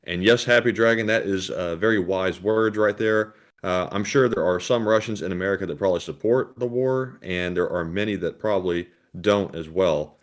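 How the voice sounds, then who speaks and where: Male co-host, low voice, relaxed and halting, reads viewer comments. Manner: relaxed, hesitant with frequent fillers. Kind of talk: casual stream chat.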